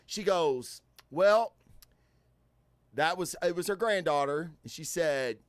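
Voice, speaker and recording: A man hosting a casual podcast, rambling through stories with fillers and swearing. His voice sits a bit high and swings widely in pitch. The sound is dry and close on a studio microphone. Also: expressive, slow, clear, resonant tone, no echo. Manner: loud, swearing, storytelling with lots of fillers. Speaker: podcast host.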